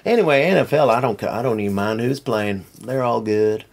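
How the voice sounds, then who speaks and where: A middle-aged man chatting as a podcast guest, rambling and tangential with animated storytelling. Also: medium pitch, brisk, vocal fry. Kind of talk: casual chat.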